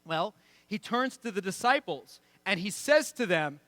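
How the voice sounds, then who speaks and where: High-voiced, bright-toned male preacher. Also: sing-song, a little slow, no room sound. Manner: conversational and emphatic, rhetorical questions. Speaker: pastor. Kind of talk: sermon. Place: church.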